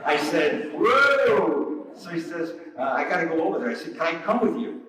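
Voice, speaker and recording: A man's voice: on the high side, fast, a bit bright. A man preaching with jokey stories, laughing at his own jokes and putting on mock outrage. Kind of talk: storytelling sermon. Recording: echoey, from far off the mic.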